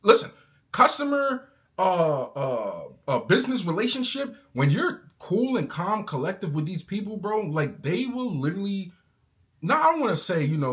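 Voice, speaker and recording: A man's voice: sits high, a bit bright. A man in a casual vlog, ranting angrily and talking in slang, calling his listener bro. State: angry. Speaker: car owner vlogger.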